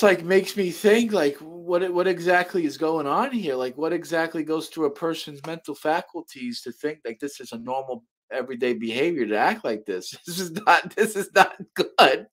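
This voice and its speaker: A middle-aged man hosting a live stream in heated casual chat, rambling with many restarts and swearing when angry. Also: medium pitch. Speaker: show host. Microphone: webcam mic on a live stream.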